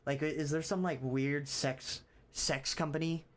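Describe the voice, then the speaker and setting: A man's voice: a little high, fairly even intonation, measured pace. A young man streaming, rambling casually with frequent swearing and loose storytelling. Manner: rambling, many fillers and restarts, swears casually. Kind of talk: casual chat.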